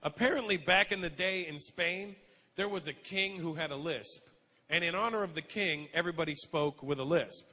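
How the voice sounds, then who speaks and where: A man doing a stand-up comedy routine, animated and acting out characters. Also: high voice, normal speed. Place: comedy stage. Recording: live stage with loud crowd laughter.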